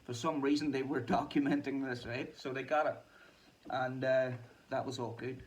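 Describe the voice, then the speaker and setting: A man's voice: medium pitch, steady tone, normal speed. A man talking in a casual, rambling monologue, swearing a lot, laughing often and trailing off mid-thought. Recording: distant mic with faint ambient noise.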